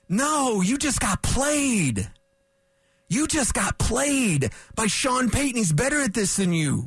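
A man's voice: very high voice, big pitch swings, slow, a bit bright, slightly rough, no room sound. A male sports radio host delivering a fired-up, combative rant in a studio, hammering his points with repetition. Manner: emphatic, combative, repeats points for punch.

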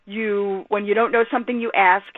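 A woman sports journalist, a guest telling stories on a radio show in an animated, emphatic way. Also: medium pitch, brisk, no echo. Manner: animated storyteller, lively and emphatic. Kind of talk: phone-in radio interview. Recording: tinny phone line.

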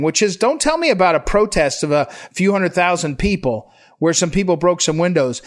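A man hosting a political talk radio show, speaking in an emphatic, urgent monologue with frequent restarts and self-corrections. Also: sits high.

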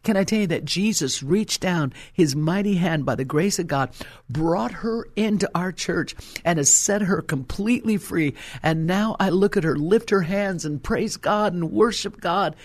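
Impassioned preacher man, fairly high voice. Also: moderate pace, dry recording. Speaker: pastor. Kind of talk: sermon.

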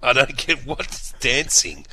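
Bright-voiced Australian co-host. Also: male voice, medium pitch, very animated, measured pace, faint music behind, rough recording. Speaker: radio co-host. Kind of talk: casual late-night radio banter.

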